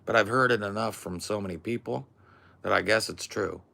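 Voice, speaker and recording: Deep, gravelly American man, loose profane podcast riffing. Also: a little fast, sharp tone. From United States. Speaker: podcast host. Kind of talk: casual comedic podcast chat.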